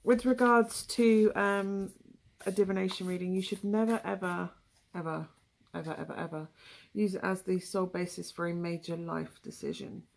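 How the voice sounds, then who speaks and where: A woman's voice: mid-range voice, fairly even intonation, normal speed, vocal fry, a little mellow. A young woman with a West Country English accent giving a casual, rambling tarot reading, full of asides and ums. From England. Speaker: tarot reader.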